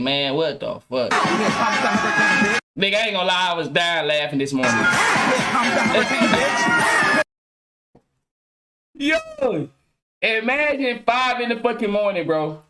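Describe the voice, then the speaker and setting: A man's voice: sits high, fast, hardly any pauses, loud music behind the voice. Dude ranting on his podcast, slangy and cussing, keeps restarting his sentences. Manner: loose slangy talk with heavy cursing, frequent restarts. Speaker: podcast host. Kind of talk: casual rant to viewers.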